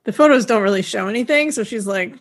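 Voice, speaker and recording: A woman's voice: a little high, fast talker. A woman co-hosting a podcast, casually retelling a TV episode scene by scene and laughing now and then. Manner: retells scenes with acted-out quotes, laughs often. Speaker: podcast co-host. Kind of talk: casual episode recap chat.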